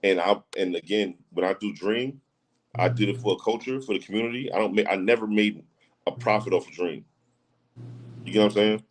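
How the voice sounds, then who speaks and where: On a low-quality recording, a man with a fairly low voice talks fairly quickly. He's a podcast guest in casual chat who speaks emphatically, repeats himself, and keeps checking that you get what he's saying.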